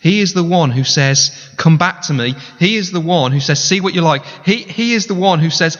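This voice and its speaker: A man's voice: high-pitched, brisk, hardly any pauses, a bit bright. Earnest male pastor in a reverberant hall. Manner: earnest, conversational preaching with direct appeals. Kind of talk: sermon. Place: church sanctuary. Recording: reverberant hall, dull lo-fi sound.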